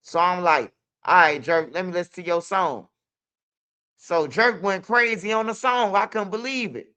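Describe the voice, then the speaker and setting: A man's voice: high-pitched, normal speed, bright, forceful tone, clear, resonant tone. A young man with a Chicago accent telling street stories in loose, profane casual talk. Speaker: interviewee. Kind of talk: casual storytelling.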